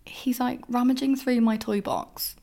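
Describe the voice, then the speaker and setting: A woman's voice: fairly high pitch, steady tone, a little slow, vocal fry, dark tone. A young woman hosting a podcast alone, telling her dating stories candidly with plenty of swearing and acted-out reactions. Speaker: podcast host. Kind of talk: casual solo podcast monologue.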